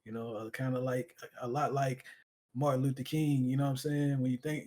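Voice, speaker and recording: A man's voice: mid-range voice, level tone, a little fast, a little mellow. A male streamer appearing as a guest, speaking earnestly and reflectively in casual conversation, with frequent "you know" fillers.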